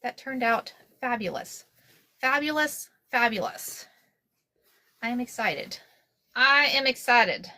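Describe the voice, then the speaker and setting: Excitable woman chatting while sewing. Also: a little high, takes it slowly, long pauses. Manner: excitable, repeats herself, says y'all often. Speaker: craft livestream host. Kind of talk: casual livestream chat while sewing.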